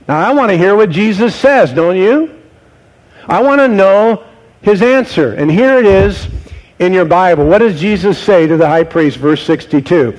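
A man preaching a sermon, posing rhetorical questions to his congregation and dropping to low, quiet tones for emphasis. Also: animated, normal speed, low-quality recording. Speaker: pastor.

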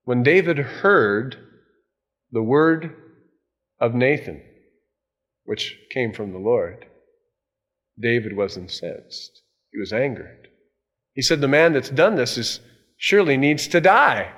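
A male pastor preaching a sermon, telling a Bible story with lively swings between loud and hushed delivery. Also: medium pitch, takes it slowly, long pauses. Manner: animated storytelling, dropping to hushed tones for emphasis.

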